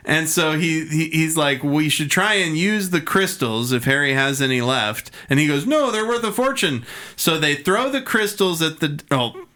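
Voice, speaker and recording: A man with a bright, forceful voice pitched a little high chats casually about an old cartoon episode. He gets excited and acts out characters' lines in silly voices, cursing freely as he goes. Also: unhurried. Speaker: podcast co-host. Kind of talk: casual chat recapping an episode.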